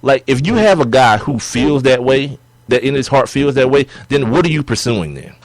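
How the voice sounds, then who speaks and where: A young man co-hosting a sports podcast in casual chat, animated and laughing as he argues his points. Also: mid-range voice, normal speed, no room sound. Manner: animated, laughing, acts out players' quotes.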